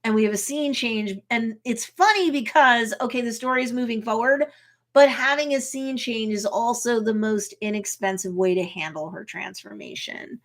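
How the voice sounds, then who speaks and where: A woman attorney casually recapping and commenting on a TV episode, chatty and lively, acting out characters' lines. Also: a little high, moderate pace. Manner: lively storyteller who acts out characters' lines; chatty, with frequent um and you know. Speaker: attorney reacting to a TV series.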